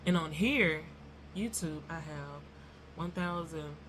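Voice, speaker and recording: A woman's voice: sits low, takes it slowly, fairly bright tone, slight background noise. A woman telling a rambling story to her viewers in a casual vlog, chatty and addressing them as y'all. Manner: self-described nervous and non-confrontational. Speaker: YouTuber.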